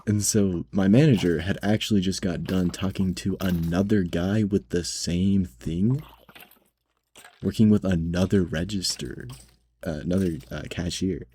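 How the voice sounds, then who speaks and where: A man's voice: low-pitched, fairly even intonation, a little slow, dark tone, slight background noise. A man who works as a grocery cashier tells a story in a casual vlog, rambling with lots of "like" and "right?" and sounding nervous and indignant.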